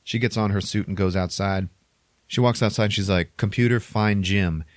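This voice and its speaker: A man's voice: on the low side, fairly even intonation, a little fast, dry recording. A man co-hosting a podcast, casually retelling a film plot in a rambling way, chuckling between lines and saying "like" a lot. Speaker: podcast co-host.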